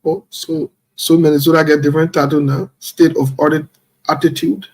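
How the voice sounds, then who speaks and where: Husky man hosting a live stream. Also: on the high side, level tone, moderate pace. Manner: playful, chuckling, shout-outs to viewers. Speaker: livestream host. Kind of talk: casual live-stream chat, reading out viewers.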